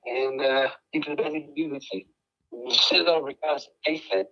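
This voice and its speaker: A man's voice: fairly high pitch, steady tone, normal speed, gravelly. A male caller doing a put-on Australian accent over a muffled phone line, rambling and joking. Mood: mock accent. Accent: mock Australian. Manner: jokey, rambling, laughing.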